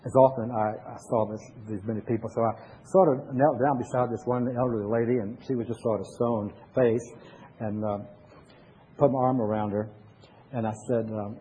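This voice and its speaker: An older man, a pastor with grandchildren, giving a conversational sermon full of pauses and restarts. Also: medium pitch, warm tone, slight background noise, low-quality recording.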